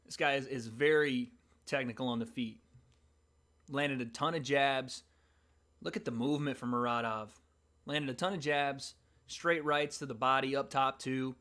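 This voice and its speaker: With a medium-pitched voice, a male livestream host delivers casual, eager play-by-play while watching a fight live. His commentary stays everyday in tone, punctuated by sudden cheers at the biggest moments.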